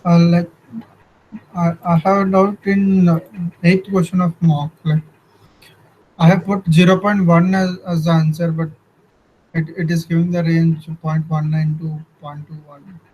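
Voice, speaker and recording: A man asks his teacher questions in an online class, polite and hesitant, with many "uh"s and "like"s. His voice is husky and fairly high, with flat intonation. The sound is dull and lo-fi. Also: unhurried. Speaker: student.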